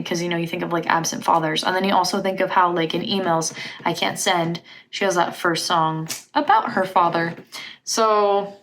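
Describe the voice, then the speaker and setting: A woman's voice: lowish voice, fairly bright tone. A woman reviewing an album for her vlog in casual chat, gushing and dropping "like" into almost every sentence. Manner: gushing, filler-heavy talk with lots of "like". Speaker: music reaction vlogger.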